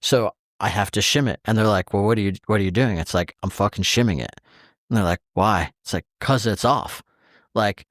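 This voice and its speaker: A man's voice: lowish voice, animated, fairly quick, fairly bright tone, dry recording, clean studio sound. A man co-hosting a podcast in casual chat, telling an exasperated story with heavy swearing and acting out the quoted exchanges. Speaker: podcast co-host.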